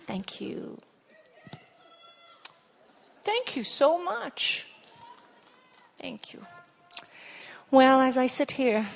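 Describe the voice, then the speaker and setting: A woman speaking gently and graciously to a concert audience from the stage. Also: medium pitch, gravelly. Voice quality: slow, soft, gracious. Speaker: singer addressing a concert audience.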